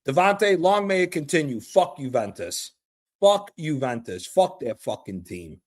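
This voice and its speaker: A man streaming a live reaction to a football match, excitable and profane, trash-talking the players. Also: on the high side, moderate pace. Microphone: streaming mic.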